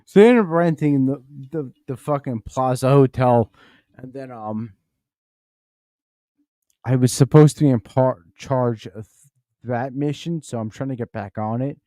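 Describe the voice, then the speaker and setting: A tipsy man hosts a comedy podcast from home, rambling and tripping over his words with plenty of cursing. His voice is mellow and dark, and the recording is close and dry. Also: mid-range voice, unhurried, long pauses, no room sound. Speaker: podcast host. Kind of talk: casual comedic commentary.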